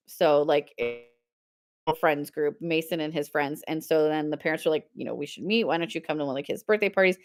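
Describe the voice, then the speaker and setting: With a low-leaning, clean voice, a woman in her forties hosts a live-stream sale in casual chat. She tells stories, laughs frequently and replies to viewer comments as they pop up.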